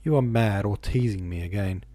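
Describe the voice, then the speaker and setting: A man's voice: on the low side, moderate pace, dark tone, no room sound, natural voice. A man reading a tormented young man who speaks in an urgent, shaken way, as part of a storybook audiobook. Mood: agitated.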